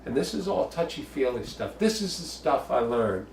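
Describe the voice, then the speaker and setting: Gravelly New man in a roomy kitchen. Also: mid-range voice, very animated, normal speed, distant mic, a little hiss or hum. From the Bronx, New York. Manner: chatty, jokey storyteller, bawdy asides. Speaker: home cooking show host. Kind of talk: casual cooking demonstration.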